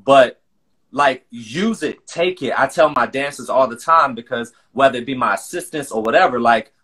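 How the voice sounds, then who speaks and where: A man's voice: medium pitch, moderate pace, fairly bright tone, husky. A man talking earnestly and emotionally in a live-streamed conversation. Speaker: guest, choreographer and artistic director.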